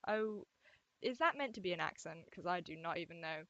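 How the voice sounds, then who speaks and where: A woman's voice: fairly low pitch, sing-song, a little fast, a bit bright, dull audio. A young woman answering fan questions in a casual vlog, rambling and self-deprecating, recorded at home. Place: home room at her desk.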